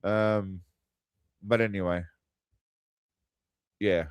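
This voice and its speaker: A man's voice: fairly low pitch, steady tone, very slow, clean tone, no echo. A man hosting a crude, mocking movie commentary, tossing out quiz-style asides. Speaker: host. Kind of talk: sarcastic movie riffing commentary.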